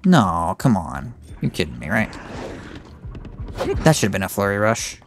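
A man giving let's play commentary, talking to himself and reacting aloud with excitement as he plays. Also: fairly low pitch, measured pace. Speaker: gamer. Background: game music.

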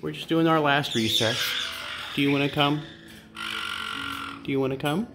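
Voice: medium pitch, normal speed, background noise. A bird sanctuary caretaker chatting to pet parrots in cooing baby talk indoors, with asides to viewers. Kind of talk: casual vlog, talking to pet parrots. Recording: loud music playing behind.

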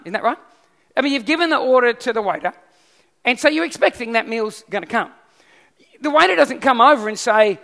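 A man preaching a sermon as pastor, lively and often putting questions to the congregation. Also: very high voice, vocal fry. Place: church hall. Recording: long hall reverb.

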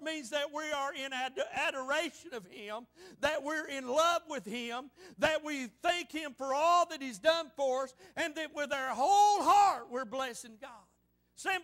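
A man pastor delivers an impassioned sermon in a church, his voice pitched unusually high for a man. He presses each point with frequent amens. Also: normal speed, fairly bright tone. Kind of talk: fervent sermon.

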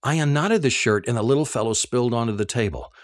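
A man reading a first-person novel aloud, telling the story in an expressive, animated way. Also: medium pitch, fast talker, no room sound, clean studio sound. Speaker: audiobook narrator.

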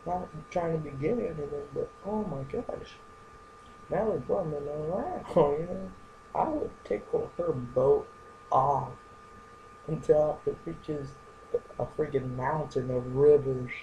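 A young man rambling through a goofy comedic vlog monologue, going from joke to joke with silly deadpan asides. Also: fairly high pitch, dull audio, slight background noise. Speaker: vlogger.

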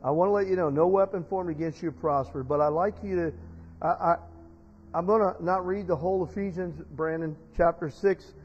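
A man preaching a sermon as pastor, telling stories and building to loud, emotional preaching. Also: high-pitched, fairly quick, slight background noise. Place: church sanctuary. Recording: dull sound in a reverberant church hall.

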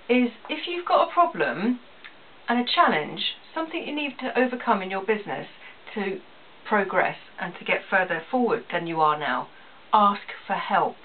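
A woman who runs a small business, talking earnestly to camera in a personal vlog and repeating phrases for emphasis. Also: mid-range voice. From England. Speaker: small business owner vlogging. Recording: tinny phone-like audio, distant, faint hiss.

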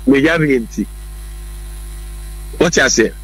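A man's voice: medium pitch, lively intonation, takes it slowly, a bit bright, slightly rough, rough recording. A Ghanaian man arguing his political views on a talk show, emphatic and repetitive, mixing English words into his speech. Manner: emphatic, argumentative, repeats points, mixes in English words. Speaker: political commentator.

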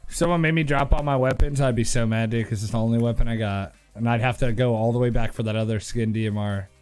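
A man streaming a game live, talking his way through it with excitable outbursts, shouts and laughter. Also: mid-range voice, fast, clear, resonant tone, soft background music. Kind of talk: live gameplay commentary.

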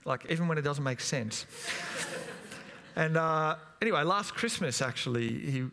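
A man in his thirties preaches a sermon in a church, in a voice of middling pitch. He tells stories in a loose, chatty way, pausing on fillers and restarting sentences. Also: lively intonation, vocal fry, sharp tone. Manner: chatty, anecdotal, hesitant with many fillers. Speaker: pastor.

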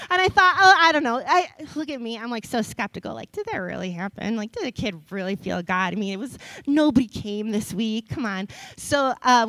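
Kids' pastor, young woman, bright high voice, close dry sound, warm animated storytelling sermon. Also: no room sound, low-quality recording. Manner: animated storytelling, laughs often. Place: church stage.

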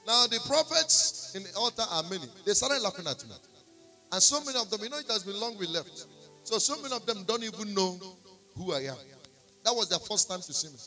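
A Nigerian man delivers a sermon, his fairly high voice bright and gravelly. He tells a personal testimony with pidgin asides. Music plays behind him in the church. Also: expressive, fairly quick. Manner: storytelling, slipping into pidgin, rising to shouts and singing. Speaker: prophet preaching. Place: church service.

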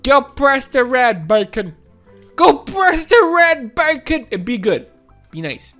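A woman hosting a gaming channel, giving excitable, playful let's-play commentary with frequent laughs and shouts. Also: high voice, slow pace, soft background music.

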